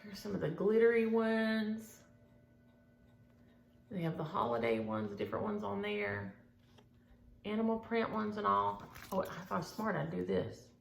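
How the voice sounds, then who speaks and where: Chatty woman vlogger, scattered and gushing; gravelly, roomy sound. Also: medium pitch, animated, a little slow, long pauses. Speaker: flosstube vlogger. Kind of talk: casual chat showing mail.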